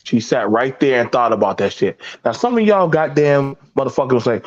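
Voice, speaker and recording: A man's voice: mid-range voice, brisk, hardly any pauses, dull audio. A man hosting a heated panel talk, telling emphatic, profane stories. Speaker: podcast host.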